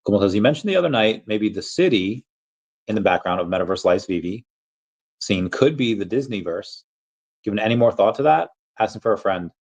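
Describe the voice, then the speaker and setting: A man's voice: fairly low pitch, expressive, fairly quick, a little mellow, highs cut off. A young man hosting a casual livestream, reading chat aloud in a rambling, playful way and often stumbling over repeated words.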